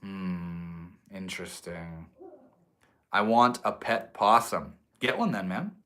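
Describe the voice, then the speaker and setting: Loose, profane livestream host. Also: male voice, mid-range voice, big pitch swings, measured pace, pushed and bright. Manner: loose, profane, says bro and dude, preachy bursts. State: tipsy. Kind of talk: casual livestream chat reading comments. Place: indoors at home.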